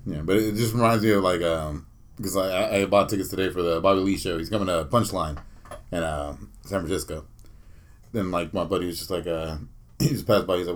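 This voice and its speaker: A man's voice: low-pitched, steady tone, fairly quick. A man co-hosting a casual podcast, telling rambling stories full of swearing and laughter. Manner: laughs often, profane, rambling storytelling. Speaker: podcast co-host. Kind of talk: casual crude banter.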